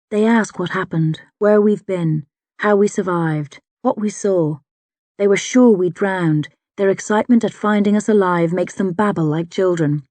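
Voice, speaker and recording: A woman narrating a fantasy audiobook in the first person, with a measured, dramatic delivery. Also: on the low side, warm tone, no room sound.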